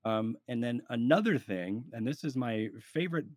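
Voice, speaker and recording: Chatting casually on a podcast, a man offers roleplay tips in a loose, lively ramble, often starting his sentences over. His middle-pitched voice moves at normal speed, recorded close and dry with no room sound.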